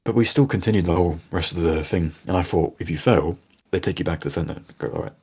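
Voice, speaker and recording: A young man co-hosting a podcast, talking in a laid-back casual way, his voice hoarse and raspy from a sore throat. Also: low voice, fast, darkish tone. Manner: laid-back, shrugging things off. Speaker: podcast co-host. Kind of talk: casual chat.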